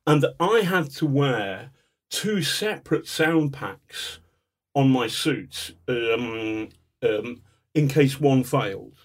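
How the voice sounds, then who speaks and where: A man being interviewed as a guest, telling stories in an animated, chatty way with chuckles. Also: mid-range voice, slow. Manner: animated raconteur, chuckles as he talks. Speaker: guest, journalist. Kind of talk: casual storytelling interview.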